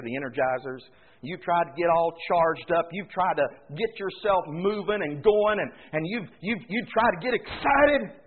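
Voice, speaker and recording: A man preaching a folksy sermon, swelling suddenly loud and then dropping quiet. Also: high voice. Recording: tinny phone-like recording.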